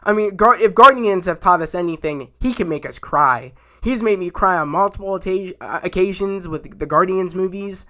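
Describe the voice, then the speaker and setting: A young man talks through a TV episode in a loose, rambling way, piling up fillers and restarts as his excitement builds. His voice sits high for a man and has a bright, forceful edge. The delivery is unscripted and chatty. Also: normal speed, hardly any pauses. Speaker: YouTube show reviewer. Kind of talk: casual spoken review.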